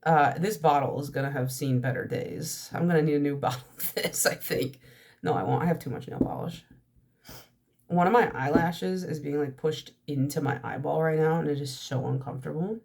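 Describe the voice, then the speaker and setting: Young woman vlogger, congested and nasal, lower-pitched, stream-of-consciousness casual chat. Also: moderate pace, creaky, darkish tone. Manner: chatty stream-of-consciousness talk. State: stuffy nose, nasal from allergies. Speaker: nail polish vlogger.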